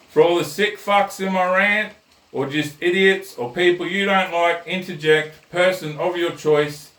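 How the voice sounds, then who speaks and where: A man's voice: a little high, fairly bright tone. A man, hosting a comic rant with a blunt, crude, conversational manner. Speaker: host. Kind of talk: comic rant and joke telling. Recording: roomy echo, mic at a distance.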